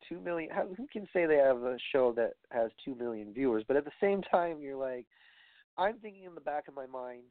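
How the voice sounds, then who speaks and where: A man's voice: mid-range voice, no echo. Tinny-sounding man ranting sarcastically. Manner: sarcastic, profane ranting with lots of fillers. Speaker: podcast host. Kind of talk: casual wrestling podcast rant. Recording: tinny phone-like dry sound.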